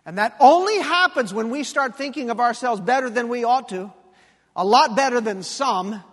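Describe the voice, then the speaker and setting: A male pastor preaching a sermon with animated, emphatic delivery and pointed repetition. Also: very high-pitched, moderate pace, in a large hall.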